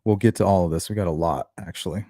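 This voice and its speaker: A man's voice: low voice, quick pace, mellow, no echo, studio quality. A man hosting true crime commentary, talking casually and thinking aloud as he reacts to news clips. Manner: conversational, thinking aloud with fillers.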